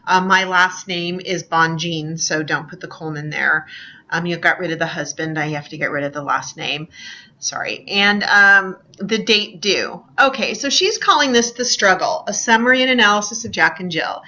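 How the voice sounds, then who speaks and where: A woman's voice: fairly low pitch, moderate pace, sharp tone. A woman teaching an English class in a recorded online lecture, talking casually with frequent ums and small apologies. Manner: chatty, self-deprecating, many ums. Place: screen recording at a computer.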